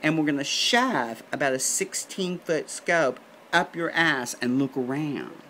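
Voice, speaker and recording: A man voicing a blunt, matter-of-fact male doctor in a comic story, talking in a flat, clinical way. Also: a little high, measured pace, a little hiss or hum.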